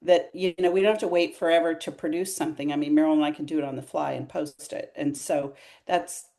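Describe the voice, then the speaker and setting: An older woman comedian chatting in an interview, telling animated stories full of fillers. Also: sits low, quick pace. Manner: animated storyteller, many fillers. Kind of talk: casual interview chat.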